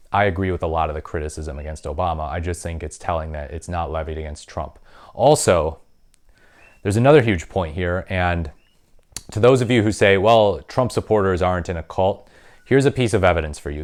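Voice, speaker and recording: A man hosting a political commentary vlog, talking in an opinionated, conversational way with frequent ums. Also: low-pitched. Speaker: political commentary channel host.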